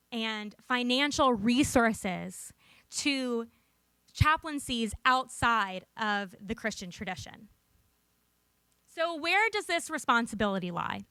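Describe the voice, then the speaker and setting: A woman's voice: fairly high pitch, bright, forceful tone, smooth, dry recording. A young woman giving a prepared conference talk into a podium microphone, earnest and lightly humorous as she tells a personal story. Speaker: conference speaker. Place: conference room.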